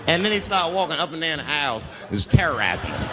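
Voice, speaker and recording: Animated man doing stand-up in a reverberant venue. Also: quick pace, hardly any pauses, music in the background. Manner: animated storytelling, acting out characters with big pitch jumps. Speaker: stand-up comedian. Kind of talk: stand-up comedy routine.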